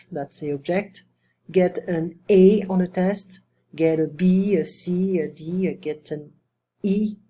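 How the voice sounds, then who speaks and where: A woman tutor recording a lesson, explaining expressions and reading example dialogues slowly, with fillers. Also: on the low side, mellow, slight background noise. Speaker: language tutor.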